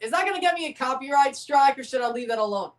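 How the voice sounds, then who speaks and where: A man hosting a live watchalong of a football match, excitable and opinionated, often exclaiming and laughing at the action. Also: very high voice, fast talker, far from the mic. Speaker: livestream host reacting to a match.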